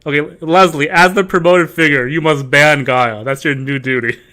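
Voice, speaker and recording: A man's voice: fairly high pitch, steady tone, normal speed, sharp tone. A man streaming a game live, joking, laughing and bantering with his chat.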